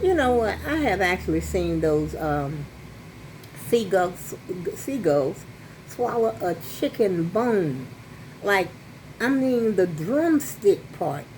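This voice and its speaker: A woman's voice: mid-range voice, big pitch swings, slow, a little mellow, a little hiss or hum, low-quality recording. An older woman telling a rambling, chatty story to her phone camera at home. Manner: rambling, chatty, with many restarts and asides. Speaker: vlogger. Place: apartment at home. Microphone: phone on a selfie stick.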